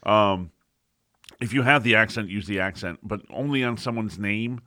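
A man co-hosting a podcast in casual back-and-forth. His voice sits fairly low but has a bright, forceful edge, recorded dry. He answers in wry, short replies. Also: moderate pace, no room sound. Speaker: podcast co-host. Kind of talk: casual chat.

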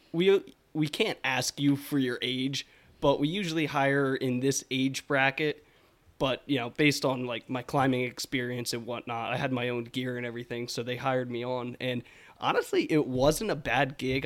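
Young pa dude, casual podcast chat, rambles and laughs, medium voice. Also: male voice, medium pitch. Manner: rambling storyteller, laughs often. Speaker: podcast co-host.

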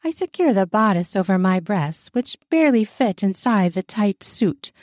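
A woman's voice: medium pitch, big pitch swings, moderate pace, darkish tone, dry recording, clean studio sound. A woman narrating a first-person adult romance audiobook in a playful, teasing way.

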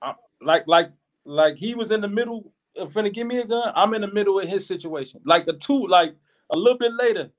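High-voiced man telling a story. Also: fairly quick. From Chicago. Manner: animated, slangy, repeats words while telling a story. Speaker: podcast guest. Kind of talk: casual storytelling.

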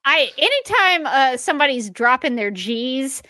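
A woman from the southern United States, co-hosting a casual chat and talking haltingly with lots of "uh" fillers. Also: sits high, very animated, sharp tone, dry recording. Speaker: podcast co-host.

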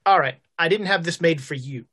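A woman's voice: lowish voice, fairly bright tone, husky. A woman playing a shrewd male town founder. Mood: wry. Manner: slow, measured, diplomatic.

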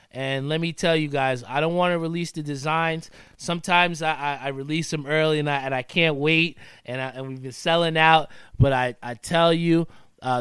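Man, casual talk show host, slightly high voice, very crisp and clear, dry close sound, easygoing chatter. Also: a bit bright, no echo. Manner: laid-back, chatty, says "man" often. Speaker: podcast host. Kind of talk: casual show sign-off with sponsor shout-outs.

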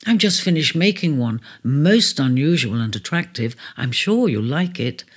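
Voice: mid-range voice, very animated, normal speed. Cancer, a narrator doing a gushing crab lady. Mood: coaxing. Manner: gushing, breathy exclamations. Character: emotional female crab who loves to bargain.

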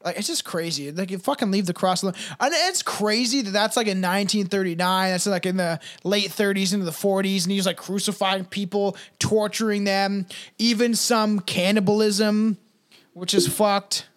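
High-voiced man in profane rambling chat. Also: normal speed, fairly bright tone. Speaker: podcast co-host. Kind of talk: casual chat.

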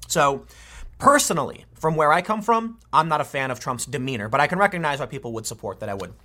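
Man, political commentator, bright tense voice, slightly high, emphatic, opinionated, restarts sentences. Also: animated, quick pace.

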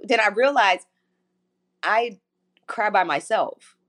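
A woman's voice: fairly high pitch, moderate pace. A woman in her forties, a guest in a casual interview, telling candid stories with frequent laughter. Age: 40s. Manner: candid and animated storyteller, laughing often. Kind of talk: casual chat.

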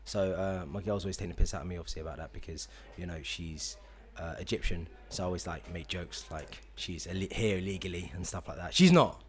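Laid-back London man hosting, low voice. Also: a little fast, few pauses. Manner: relaxed, rambling with many fillers. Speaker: podcast host. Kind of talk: casual podcast chat.

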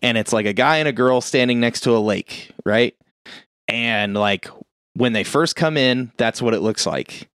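A man recaps a horror movie in loose, rambling chat, peppering it with profanity and little acted-out lines from the characters. His voice sits at an ordinary middle pitch. The sound is dry and close. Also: unhurried, fairly bright tone, clean tone, dry recording. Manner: profane, rambling, acts out quotes. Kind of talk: casual chat, retelling a movie.

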